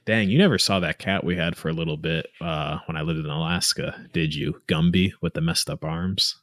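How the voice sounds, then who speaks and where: A man's voice: a bass voice, steady tone, brisk, fairly bright tone, no room sound. A man co-hosting a podcast, telling casual stories in a laid-back way, swearing and laughing often. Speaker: podcast co-host. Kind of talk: casual chat.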